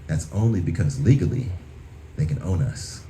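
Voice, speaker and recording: A man doing a calm, earnest talking dog. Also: sits low, normal speed, heavy background noise. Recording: echoey club with loud crowd laughter. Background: audience laughing.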